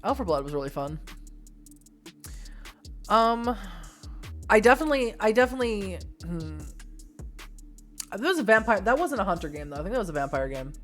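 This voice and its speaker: Woman, mid-pitched, reading an interactive novel aloud, chatty asides, laughs often, faint background music. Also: big pitch swings, normal speed, pauses often. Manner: chatty, laughs often, apologetic over names. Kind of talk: reading game text aloud with casual asides.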